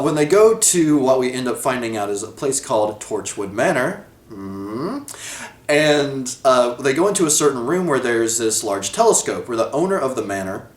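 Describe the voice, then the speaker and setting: A man giving a casual video review of a TV episode, rambling, correcting himself and laughing often. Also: mid-range voice. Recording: echoey room.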